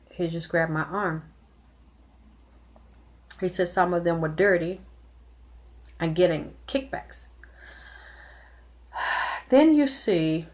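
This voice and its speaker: A woman giving a live-streamed tarot and spirit reading, talking earnestly and emotionally, often repeating herself. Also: fairly low pitch. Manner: close to tears at times. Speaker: tarot reader and psychic.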